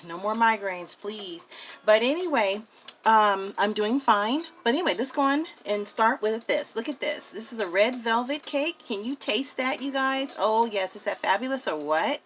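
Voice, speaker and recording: Chatty woman hosting a craft tutorial. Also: mid-range voice. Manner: chatty and excitable, addresses viewers as "you guys". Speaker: craft vlogger.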